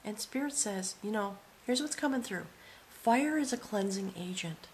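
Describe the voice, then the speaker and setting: A woman reads tarot cards aloud with hushed reverence, her voice sometimes sinking to a whisper. Her pitch sits in the middle of the usual range. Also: expressive, moderate pace, slight background noise. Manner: awed and reverent, dropping to soft whispers. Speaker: tarot reader. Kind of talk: spoken tarot reading.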